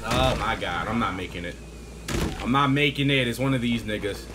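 A young man commentating his own gameplay live, hyped up, shouting trash talk at opponents and laughing and joking to himself. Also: on the low side, a little fast, very noisy. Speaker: gaming video creator. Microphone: desk mic with face cam. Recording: game sounds loud behind the voice.

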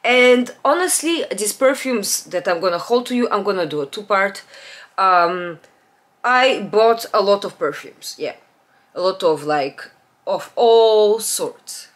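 A woman chats at home about her purchases, at a middle pitch. She rambles, restarts her sentences and often lets her voice drop to a low murmur. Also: lively intonation, takes it slowly. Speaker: beauty vlogger. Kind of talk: casual perfume haul chat. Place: home, natural light.

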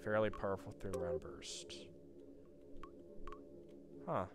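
Man, low-pitched, casual gameplay commentary, muttering, grumbling, faint background noise. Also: slow. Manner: chatty, muttering and grumbling to himself, sudden loud outbursts. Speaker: streamer playing a horror game.

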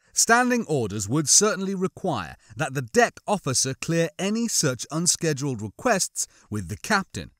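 A man reading a science fiction novel aloud as an audiobook narrator, telling the story with lively, shifting character voices. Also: mid-range voice, no echo, clean studio sound. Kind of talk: scripted narration.

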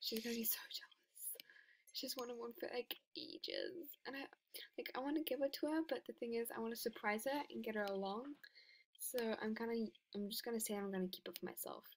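A woman giving casual commentary over her gameplay, excitable and giggly, often dropping to a whisper. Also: a little high, a little fast, a little hiss or hum. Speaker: game video creator.

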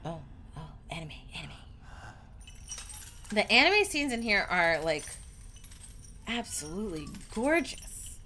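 Bright-voiced chatty woman streamer. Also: medium pitch, very animated, unhurried, pauses often, slight background noise. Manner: chatty, outspoken, reacting loudly to the story. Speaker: gameplay streamer. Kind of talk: casual let's-play commentary.

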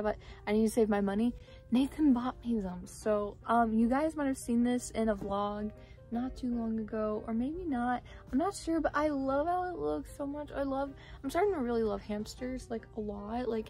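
A young woman vlogger showing off her haul in a casual, gushing way, full of "like" and "oh my gosh". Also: on the high side. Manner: gushing, excitable, lots of "like" and "oh my gosh".

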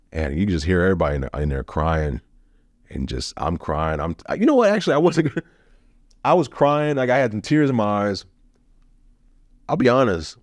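Very deep-voiced man, blunt storyteller. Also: lively intonation, a little fast, pauses often, dry recording, studio quality. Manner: blunt and profane, emotional swings. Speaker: podcast guest. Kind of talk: candid personal storytelling.

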